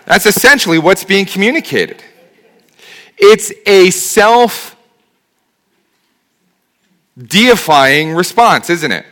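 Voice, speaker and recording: A man's voice: fairly high pitch, very animated, slow, pauses often, a bit bright. A man preaching a sermon as pastor, speaking conversationally and asking rhetorical questions.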